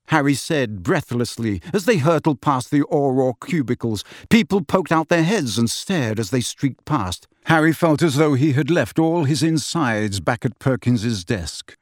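A man narrating a fantasy novel in an expressive storytelling manner. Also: medium pitch, normal speed, few pauses, no room sound, studio quality. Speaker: audiobook narrator. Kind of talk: scripted narration.

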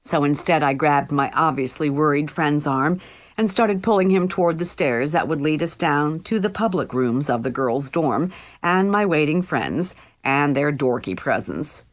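Woman reading a first-person story, low voice, wry and chatty, audiobook narration. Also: expressive, moderate pace.

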